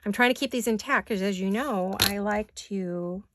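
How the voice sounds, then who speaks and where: A woman craft vlogger in her home studio, her voice raspy from allergies, chatting casually and self-deprecatingly to viewers while she works. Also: medium pitch, normal speed, background noise.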